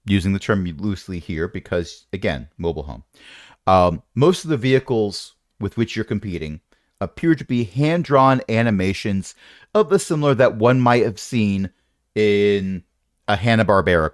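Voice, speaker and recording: A man's voice: fairly low pitch, expressive, measured pace, no room sound, clean studio sound. A man narrating a tabletop game as game master, with playful, rambling descriptions and asides.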